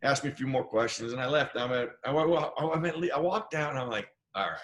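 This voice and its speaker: Animated storytelling man from Idaho. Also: medium pitch, fast talker. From Idaho, USA. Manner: animated storyteller, acts out quoted voices. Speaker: guest, former football player. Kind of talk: casual storytelling interview.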